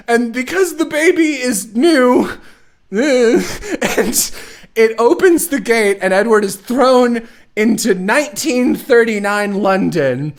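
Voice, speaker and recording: A man's voice: extremely high pitch, animated, slow. A man hosting a stream, casually recapping a plot in a sarcastic, rambling way with some swearing. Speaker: stream host. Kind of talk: casual chat.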